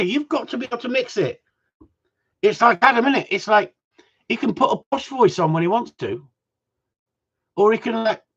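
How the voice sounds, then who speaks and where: A man's voice: sits high, slightly rough, muffled recording. A man, from Wigan, chatting on a livestream, joking, swearing and rambling at his viewers. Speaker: gundog trainer. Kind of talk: casual livestream chat.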